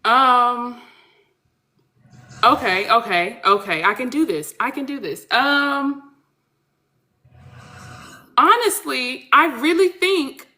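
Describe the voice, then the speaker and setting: A woman author in casual podcast chat, animated and blunt, speaking. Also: sits high, slow, pauses often. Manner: animated, blunt, swears freely. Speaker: author guest.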